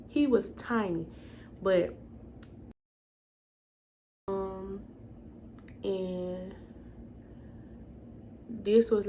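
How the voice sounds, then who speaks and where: A woman's voice: medium pitch, a little mellow, slight background noise. A young woman telling a storytime vlog in a casual, chatty way, addressing viewers as y'all. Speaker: vlogger.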